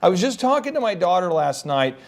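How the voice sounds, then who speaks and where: Animated high-voiced man coaching. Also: brisk. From American Midwest. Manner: animated, acts out sales pitches. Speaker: host, business coach. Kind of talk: energetic business advice talk.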